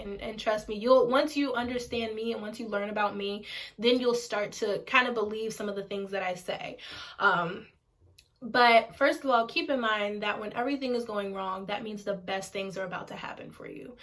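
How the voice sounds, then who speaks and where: Speaking to camera from home, a twenty-something single mother keeps things casual and candid, cursing and repeating herself for emphasis. Her voice sits at medium pitch with a slightly bright quality.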